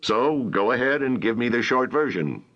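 A man doing a gruff, growling rancher. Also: mid-range voice, very animated, moderate pace, dull audio, pitched above the performer's own voice, natural voice. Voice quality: rough, growling. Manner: snapping, sarcastic. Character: rough angry male rancher, suspicious.

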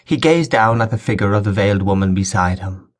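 Male audiobook narrator, low voice, measured dramatic storytelling. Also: expressive. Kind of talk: scripted narration.

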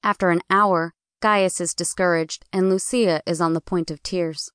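A woman narrating a first-person audiobook in a clear, measured storytelling manner. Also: fairly low pitch, fairly even intonation, fairly bright tone, dry recording, clean studio sound.

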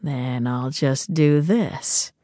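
A woman narrator voicing an affectionate young man, dropping her voice low and soft for him. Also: expressive, moderate pace, no room sound, clean studio sound, close to an everyday voice. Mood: tender.

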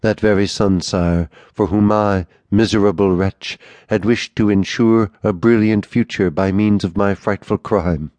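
A frightened middle-aged notary, as a man voices him in a storybook reading, begs and trembles in a gloomy, subdued way. The voice is very low and is recorded dry and close, with no room sound. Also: measured pace, darkish tone, dry recording. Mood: fearful. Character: terrified male notary about fifty, humble and pleading.

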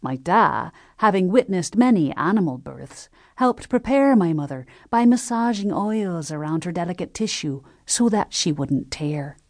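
A woman narrating a historical novel as an audiobook, telling the story in a measured, gentle first-person voice. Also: on the low side, animated, no echo, clean studio sound.

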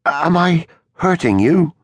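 Man voicing a frightened, hoarse young husband. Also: on the high side, expressive, takes it slowly, no echo, studio quality, voice pushed up, exaggerated voice. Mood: careful urgent. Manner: hoarse, anxious, urgent questioning. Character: frightened young husband tending his stricken wife.

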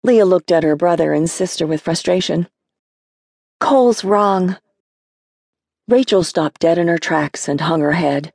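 Low-voiced woman narrating a novel. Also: fairly even intonation, normal speed, gravelly, hardly any pauses, a little mellow, no echo, clean studio sound. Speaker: audiobook narrator. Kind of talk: scripted narration.

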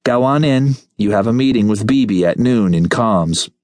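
A man voicing a brisk female office receptionist in an audiobook. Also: on the low side, lively intonation, a little mellow, dry recording, natural voice.

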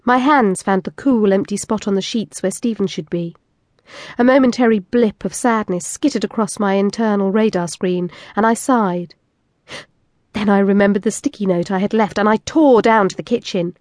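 A woman's voice: medium pitch, moderate pace, dry recording, clean studio sound. Intimate woman narrating an erotic story. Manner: intimate, expressive. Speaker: audiobook narrator. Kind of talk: scripted first-person narration.

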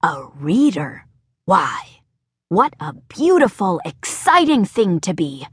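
A woman voicing a kindly, magical male farmer who speaks slowly and genially in a lowered voice. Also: sing-song, husky, no room sound, clean studio sound, full character voice. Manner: slow, deep and genial.

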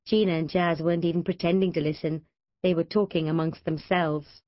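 A woman narrating a children's audiobook with an expressive, animated reading on a close studio mic. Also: on the low side, fairly quick, no echo, dull audio. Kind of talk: storybook narration.

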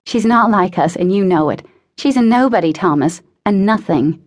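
Casting: desperate obsessive teen girl, tearful and pleading, husky edge, read by a woman narrator. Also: medium pitch, lively intonation, normal speed, darkish tone, voice pushed up, natural voice. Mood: frantic.

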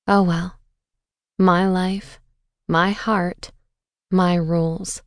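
A woman's voice: on the low side, little pitch movement, drawn-out words, long pauses, no room sound, studio quality. A woman reading a first-person audiobook with an intense, bitter, dramatic delivery. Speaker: audiobook narrator.

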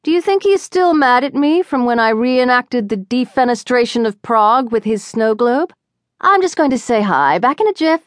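A woman doing a bright, teasing young woman friend. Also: a little high, lively intonation, normal speed, no room sound, clean studio sound, pitched above the performer's own voice, close to an everyday voice. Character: plucky tiny young woman, joking friend.

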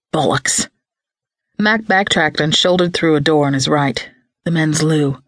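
Expressive woman reading an audiobook. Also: deep voice, no room sound, studio quality. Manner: lively, expressive. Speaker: audiobook narrator. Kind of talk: scripted narration.

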